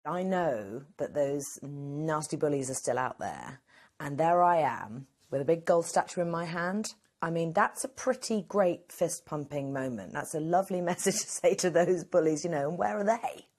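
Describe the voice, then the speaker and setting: A woman's voice: low-pitched, expressive, moderate pace, a little mellow. A woman, answering interview questions candidly and laughing easily. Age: 40s. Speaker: actress interview guest. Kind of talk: casual interview.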